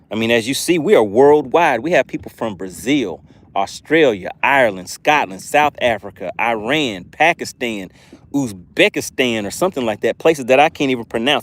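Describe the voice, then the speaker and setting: A man with a Southern US accent hosting a live fishing stream outdoors, reading viewer comments aloud and laughing often in a friendly, chatty way. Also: mid-range voice. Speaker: fishing livestream host.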